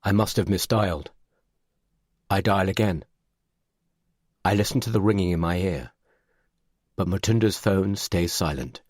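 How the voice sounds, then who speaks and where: A man reading a first-person thriller audiobook in an even, measured way. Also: low voice, no room sound, studio quality. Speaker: audiobook narrator.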